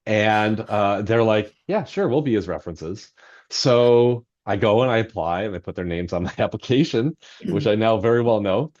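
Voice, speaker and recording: Man, low voice, chatty rambling storyteller, self-deprecating, dull recording. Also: fairly even intonation, normal speed, a little mellow. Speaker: novelist guest. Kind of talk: anecdotal storytelling in podcast interview.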